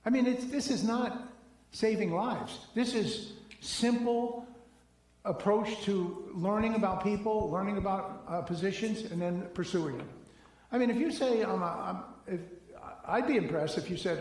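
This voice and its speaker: A man's voice: high-pitched, a little fast. A middle-aged man giving a conversational seminar talk, telling stories and acting out bits of dialogue. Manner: animated storytelling, acts out dialogue. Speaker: seminar speaker. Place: large echoey church hall. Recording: echoey hall from far off.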